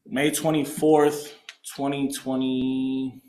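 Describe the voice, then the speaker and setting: A young alumni speaker shares his recovery story with a group in a meeting room, using casual streetwise slang and animatedly acting out the voices of people he quotes. His voice is medium-pitched and slow, and the room sounds echoey.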